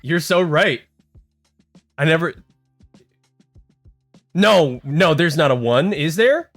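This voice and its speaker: A man livestreaming in casual chat, rambling and excitable, talking straight to his viewers and reading bits aloud. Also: a little high, slow. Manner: rambling and excitable, heavy on "like" and "dude"; talks to chat, reads text aloud. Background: faint music.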